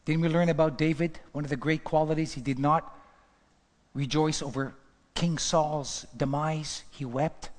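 A male preacher giving an impassioned sermon, swinging from hushed whispers to loud outbursts. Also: on the high side, steady tone, measured pace, long reverb tail.

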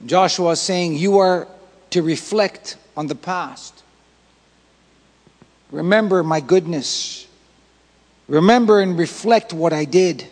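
High, husky male pastor preaching. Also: slow pace, long pauses, big-room sound, rough recording. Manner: emphatic, repetitive preaching that builds to shouts. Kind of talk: sermon.

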